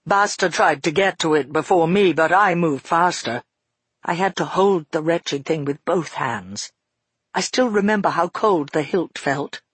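Man voicing an earnest father telling a tale, measured, slightly husky, fairly high voice, dry close sound. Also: a bit bright, no room sound. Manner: measured, earnest storytelling in first person. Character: grown father recounting a frightening past, shaken. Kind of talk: audiobook narration.

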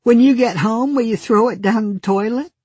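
A high, sing-song six-year-old girl teases her grandfather in a mischievous lilt, as a man reads her lines. The voice is soft and husky, and the recording is dry and close. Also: moderate pace, no room sound. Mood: teasing.

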